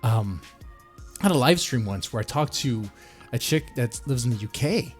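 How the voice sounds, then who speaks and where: A man in casual live-stream commentary, talking loosely and sarcastically. He stumbles, restarts and corrects himself as he goes. His voice sits at an ordinary middle pitch, with faint music playing behind him. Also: animated, moderate pace. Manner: rambling, sarcastic, often restarting mid-sentence.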